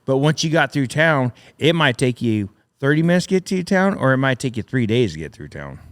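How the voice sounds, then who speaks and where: A man's voice: medium pitch, very animated, a little fast. A middle-aged man, a welder and military veteran, telling rambling, profane war stories with frequent laughs as a podcast guest. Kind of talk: casual storytelling.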